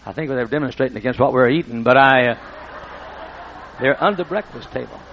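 A man's voice: medium pitch, fast, slight background noise. A man preaching a sermon, telling folksy, humorous stories and often breaking off mid-sentence. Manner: folksy, humorous anecdotes with self-interruptions. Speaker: pastor. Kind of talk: storytelling sermon. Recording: dull lo-fi recording.

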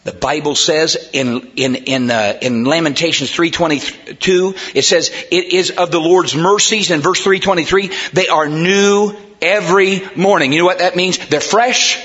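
In a church sanctuary, a pastor with a high, bright, ringing voice preaches a sermon, moving from soft, hushed lines to emphatic shouting. He speaks at normal speed with few pauses, and the recording is muffled and lo-fi.

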